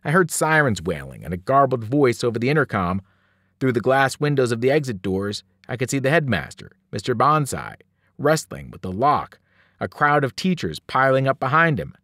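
A man, a teacher, reading a novel aloud with dramatic, animated storytelling. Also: medium pitch, moderate pace, no echo, clean studio sound. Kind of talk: novel read-aloud narration.

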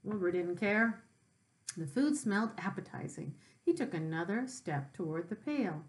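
A woman teacher reading a children's book aloud, pausing to explain words to young listeners. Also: mid-range voice, poor audio. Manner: expressive, with brief explanations for children.

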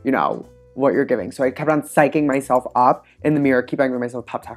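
A woman's voice: rumbling low, brisk, darkish tone, soft background music. A young woman chatting as a podcast guest, telling stories animatedly and dropping to a murmur for her inner thoughts. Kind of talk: casual chat.

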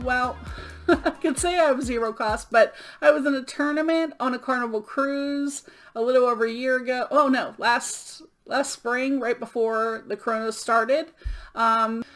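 A woman's voice: fairly high pitch, fairly bright tone. A middle-aged woman from Florida, sick and out of breath, chatting casually through items she sold, with many ums. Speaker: eBay reseller vlogger. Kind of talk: casual show-and-tell vlog.

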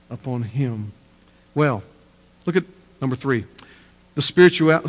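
Guy preaching in a church, gravelly voice, leans hard on repeated lines, big hall echo. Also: mid-range voice. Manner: emphatic preaching with repeated phrases. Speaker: pastor. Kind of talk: sermon.

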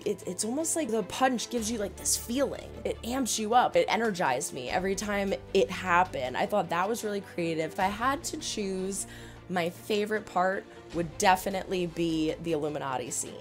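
Excited chatty woman with a Jersey accent. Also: medium pitch. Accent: New Jersey. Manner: gushing, excited, chatty with quick asides. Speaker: reaction video host. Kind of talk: casual unboxing and review chat.

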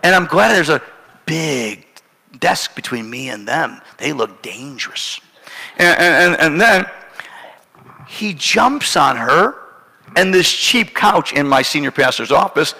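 A middle-aged man preaching a storytelling sermon, animated and self-mocking, often laughing through his story. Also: fairly high pitch, normal speed, vocal fry. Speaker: pastor. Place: church sanctuary. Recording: church hall with long reverb.

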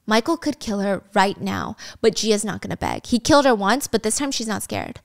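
A woman casually recapping a drama on a podcast, acting out the lines with lively, swearing commentary. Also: mid-range voice, moderate pace, gravelly, hardly any pauses.

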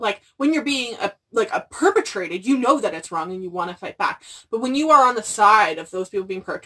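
A woman's voice: mid-range voice, fairly bright tone, far from the mic. A young adult woman chatting casually about books, rambling and gushing with lots of fillers. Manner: gushing, rambling, frequent "like" and "freaking". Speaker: book vlogger. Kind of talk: casual chat.

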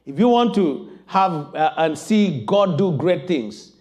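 High-voiced impassioned male preacher. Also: expressive, slow. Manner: impassioned, building to shouted emphasis. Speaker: pastor. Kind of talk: sermon.

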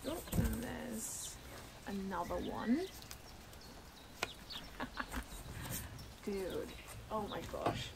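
A young woman with a slightly high voice talks slowly through a casual unboxing vlog, amazed and rambling, full of restarts and fillers. She records at home on a camera mic set on a tripod. A faint room hum sits underneath. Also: vocal fry. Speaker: plush maker and vlogger.

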